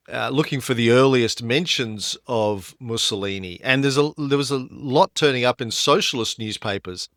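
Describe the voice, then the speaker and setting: A man co-hosting a history podcast, telling the story in a lively way and rising in pitch when he stresses a point. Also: clear, resonant tone, no echo, clean studio sound. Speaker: podcast co-host.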